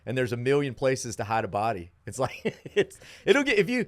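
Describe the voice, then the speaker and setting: A middle-aged man, a travel show host chatting as a podcast guest, animated, acting out the people he quotes. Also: medium pitch, brisk, no echo. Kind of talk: casual podcast chat.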